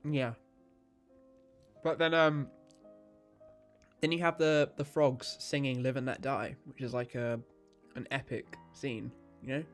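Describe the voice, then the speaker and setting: A man's voice: medium pitch, fairly even intonation, slow pace, long pauses. Brief: young male podcast host, casual chatty film talk, crude, laughs a lot, faint music behind. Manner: chatty, swearing, laughing often. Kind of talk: casual podcast chat about films.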